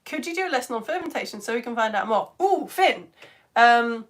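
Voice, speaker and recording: A woman's voice: on the high side, animated, fast talker, fairly bright tone. A British woman presenting a live science lesson for children, gushing and exclamatory as she reads out viewers' comments. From United Kingdom. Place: home studio.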